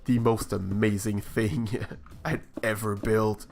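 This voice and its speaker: A man's voice: fairly low pitch, flat delivery, slow pace, gravelly, a little mellow, slight background noise. A man streaming a building game, talking over his play in a hesitant, reflective way with many restarts. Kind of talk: casual live-stream chat while building.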